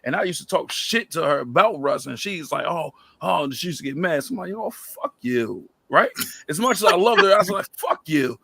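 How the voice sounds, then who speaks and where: A man hosting a podcast, chatting casually and telling animated stories where he acts out other people's lines. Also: fairly high pitch, fast talker, creaky, hardly any pauses, slight background noise. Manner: animated storyteller, quotes people in lively voices. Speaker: podcast host. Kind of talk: casual chat.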